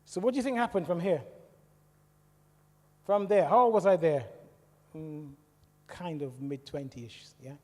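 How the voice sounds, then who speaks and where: British man, middle-aged, church speaker; lively storyteller who quizzes the crowd, higher voice, reverberant hall. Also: a little slow, pauses often. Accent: British English. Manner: lively storytelling, asking the audience questions. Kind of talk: personal testimony talk.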